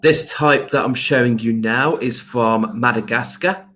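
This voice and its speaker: A man hosts a relaxed livestream, chatting with viewers as they join. He speaks at an unhurried pace and greets people by name. His speech is loose and hesitant, full of ums. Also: mid-range voice, a little hiss or hum. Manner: slow, hesitant with frequent ums. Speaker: crystal shop livestream host. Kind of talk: casual livestream chat.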